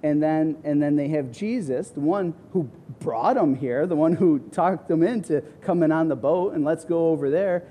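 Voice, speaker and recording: A middle-aged man, a pastor, preaching a sermon and acting out the people he quotes with sudden high, loud bursts. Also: normal speed, few pauses, a little hiss or hum. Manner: acts out quoted voices with big pitch swings.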